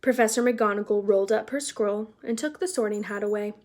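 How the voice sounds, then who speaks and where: A woman reading a children's novel aloud in a casual, chatty way, pausing to explain words for young listeners. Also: medium pitch. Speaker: read-aloud narrator.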